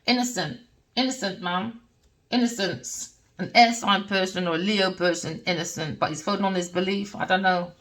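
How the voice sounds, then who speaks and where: A woman's voice: mid-range voice, moderate pace, fairly bright tone. A middle-aged woman, a tarot reader delivering a heated, blunt personal rant with swearing. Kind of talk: ranting personal monologue.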